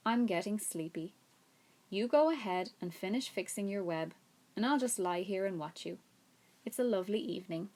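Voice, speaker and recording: A woman's voice: mid-range voice, expressive, normal speed, a little mellow, close to an everyday voice. A woman reading as Wilbur, a timid young pig. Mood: wistful. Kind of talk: reading a storybook aloud.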